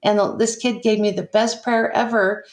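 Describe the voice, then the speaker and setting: A woman's voice: mid-range voice, steady tone, normal speed. An older woman, an interview guest, earnestly recounting a personal story and acting out the people in it. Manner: earnest, emotional retelling with quoted dialogue. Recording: echoey room.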